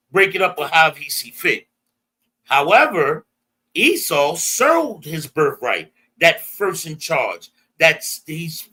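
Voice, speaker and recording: An American-accented Bible teacher talks in a bright, forceful, somewhat high voice with a breathy edge. He's emphatic, prompting a reader through call-and-response and paraphrasing verses in plain slang.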